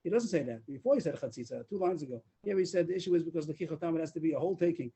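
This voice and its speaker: A man teaching a daf yomi Talmud class over a video call, explaining fast and mixing English with Talmudic Hebrew and Aramaic terms. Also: a little high, vocal fry, mellow, husky, rough recording. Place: online meeting room.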